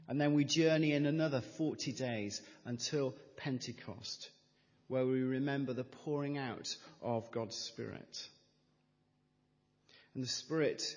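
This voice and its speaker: A middle-aged male pastor preaches a sermon at an unhurried pace. His delivery is measured and emphatic, leaning on repeated phrases. The voice carries a long reverberant tail from a church hall. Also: medium pitch.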